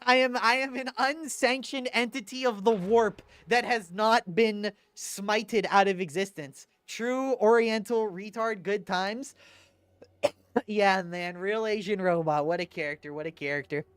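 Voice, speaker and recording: A man's voice: high-pitched, measured pace, fairly bright tone, smooth, no room sound. A man streaming a game, chatting casually with his viewers in a laid-back, profane, sarcastic way. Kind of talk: casual livestream chat while gaming.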